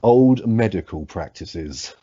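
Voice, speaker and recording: A man's voice: deep voice, expressive, slow, dark tone, muffled recording, slight background noise. A man co-hosting a casual podcast, sweary and laid-back, reading odd facts aloud. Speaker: podcast co-host.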